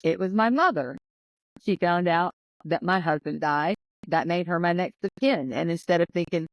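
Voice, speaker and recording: A woman's voice: fairly low pitch, moderate pace, dry recording, poor audio. A woman, telling a painful personal story as a podcast guest and acting out what others said. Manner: emotional, tells her story with quoted voices.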